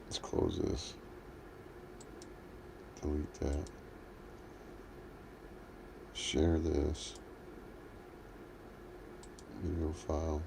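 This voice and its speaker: A man's voice: a bass voice, level tone, drawn-out words, gravelly, long pauses, background noise. A man hosting a livestream, ranting in a heated, profane, combative way. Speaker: livestream host. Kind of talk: livestream rant.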